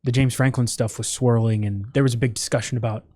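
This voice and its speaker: Male podcast co-host, mellow tone, halting casual delivery, dry close mic. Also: mid-range voice, steady tone, dry recording. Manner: hesitant, many restarts and fillers. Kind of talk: casual sports chat.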